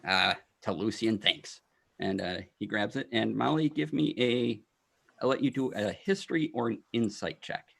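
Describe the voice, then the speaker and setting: A man narrating as dungeon master of a tabletop game, in a loose, halting way with many fillers. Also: mid-range voice, animated, vocal fry.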